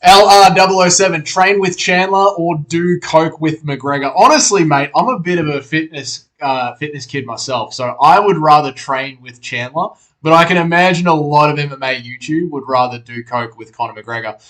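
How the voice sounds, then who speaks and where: A man's voice: fairly high pitch, normal speed, a bit bright. A young Australian man hosting a casual livestream, reading out chat messages, laid-back and swearing freely.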